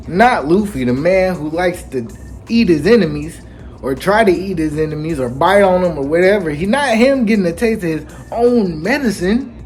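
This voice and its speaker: A man hosting a casual anime chapter recap, telling it with lively slang and acting out the characters. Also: high voice. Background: faint background music.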